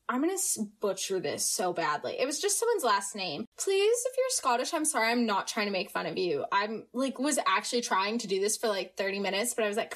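A teenage American girl hosting a casual podcast, chatty and upbeat, jumping between quick asides. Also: mid-range voice, fairly bright tone. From United States. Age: teens. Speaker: podcast host. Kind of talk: casual chat.

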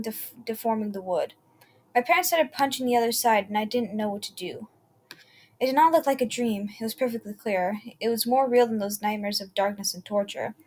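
A woman's voice: a little high, slight background noise. A woman narrating a first-person horror story, reading unevenly with slips and self-corrections. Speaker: channel host reading creepy stories.

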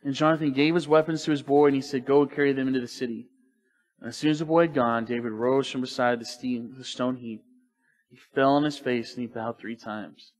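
A man preaching a sermon in church, animated and joking in a loose, colloquial way. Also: medium pitch, brisk. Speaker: pastor.

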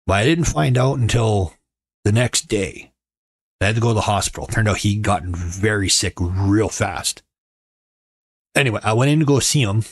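Wry, low-voiced man telling stories. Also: no echo, clean studio sound. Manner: wry, joking, conversational. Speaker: podcast host. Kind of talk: casual storytelling monologue. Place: home.

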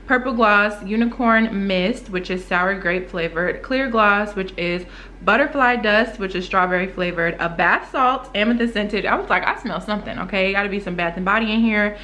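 Bright, excitable young woman. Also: a little hiss or hum. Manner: gasping, exclaiming, swooping up high when thrilled. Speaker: beauty vlogger unboxing small-business packages. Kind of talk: excited casual unboxing vlog.

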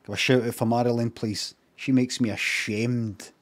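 A man's voice: mid-range voice, flat delivery, moderate pace. A Scottish man streaming live, rambling in a mock-serious way and swearing casually.

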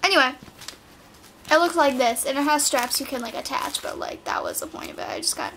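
Teen girl doing a haul vid at home, high voice, gushy, says like a lot, camera mic. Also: wildly swooping pitch, brisk, creaky, fairly bright tone, slight background noise. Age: late teens. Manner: bubbly, chatty, filler-heavy talk with many "like"s. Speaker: vlogger. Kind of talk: clothing haul vlog. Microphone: built-in camera mic.

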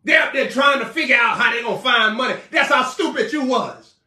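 A man preaching a fiery sermon, shouting, scolding and mocking his listeners. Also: very high voice, a little fast. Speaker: prophet preacher. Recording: echoey room, voice far from mic.

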